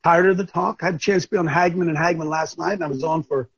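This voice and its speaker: A man's voice: on the high side, steady tone, fast, creaky, slightly rough, no room sound, dull audio. An older man hosting a talk show, delivering impassioned, preachy commentary and often repeating himself. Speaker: show host.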